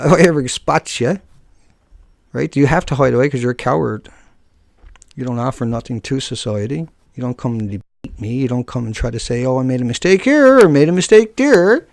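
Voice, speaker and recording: A man with a gravelly, creaky voice talks straight at his viewers on an unscripted live stream. He goes after a commenter with scorn and taunts. The sound is dry and close, with no room echo. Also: mid-range voice, a little mellow. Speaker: live streamer answering chat.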